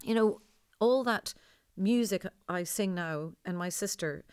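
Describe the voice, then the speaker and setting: A woman with a deep voice, a singer talking in an interview in a rambling, digressive way. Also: a little slow, darkish tone, smooth, no echo, clean studio sound. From Ireland. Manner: rambling, digressive, laughs often. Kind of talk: conversational interview.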